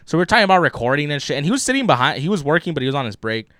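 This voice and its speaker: A man's voice: a little high, sing-song, rapid-fire, a bit bright, no room sound, clean studio sound. A young man co-hosting a casual chat, telling rambling stories full of "like" and restarts and swearing. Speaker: podcast co-host.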